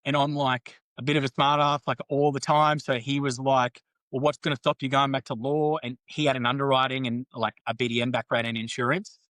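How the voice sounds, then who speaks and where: A man's voice: mid-range voice, flat delivery, a little fast, a bit bright, no room sound, poor audio. A man, a podcast guest telling his career story candidly, swearing and acting out the people he quotes. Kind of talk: casual storytelling interview.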